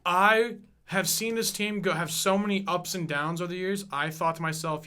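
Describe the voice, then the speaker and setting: Casting: high, bright-voiced man in his 20s, profane podcast host, rants with fired-up emphasis. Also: moderate pace, smooth. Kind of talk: casual sports rant.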